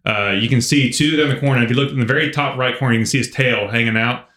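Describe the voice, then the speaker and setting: A man co-hosting a podcast, telling a story in an animated, casual way full of filler words. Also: medium pitch, fast. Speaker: podcast co-host. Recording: roomy echo.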